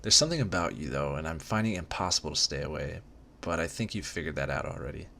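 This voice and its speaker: A brooding, controlling rich young man, played by a man in an amateur dramatic reading. His very deep voice stays low and hushed, smooth and quiet. A faint hiss of background noise sits under it. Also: lively intonation, quick pace, heavily acted.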